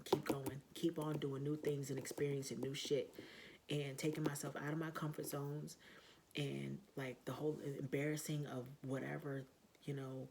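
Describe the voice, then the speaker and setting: Gravelly, profane woman vlogging. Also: extremely low pitch, noisy background. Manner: blunt, heavily profane, pep-talk tone. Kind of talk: casual motivational vlog.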